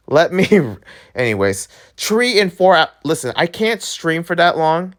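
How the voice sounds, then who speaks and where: A young man who makes gaming videos, talking straight to his viewers in a casual, excitable rant. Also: mid-range voice. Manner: animated, excitable, talks to viewers directly. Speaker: gaming YouTuber.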